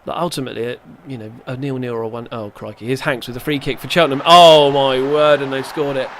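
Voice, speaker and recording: A little hiss or hum accompanies this gaming YouTuber, whose mid-range voice is a bit bright, fairly even in intonation, and quick. His let's-play talk is casual and rambling, with self-mocking humor and spoken reactions to the match.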